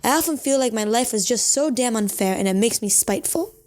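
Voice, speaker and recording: A woman voicing an earnest young letter writer in a playful mock-British accent, reading the letter aloud in a higher, sing-song voice. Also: expressive, a little fast, a little mellow, lightly acted.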